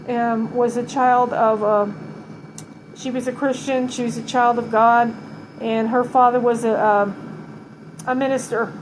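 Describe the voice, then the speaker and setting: A middle-aged woman talks slowly and haltingly at home, often pausing, restarting and holding back tears as she remembers her mother. She sounds tired. A steady hum of air conditioning sits clearly under her voice. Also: on the high side. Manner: halting, tearful, many pauses and restarts. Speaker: vlogger giving a tribute to her late mother. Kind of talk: emotional personal vlog.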